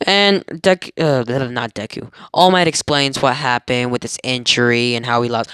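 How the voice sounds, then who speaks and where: A young man recaps an anime storyline in a loose, excitable ramble, stopping often to correct himself. His voice is mid-pitched and recorded close and dry at home. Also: moderate pace, clear, resonant tone, no room sound. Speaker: fan storyteller. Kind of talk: casual retelling of an anime.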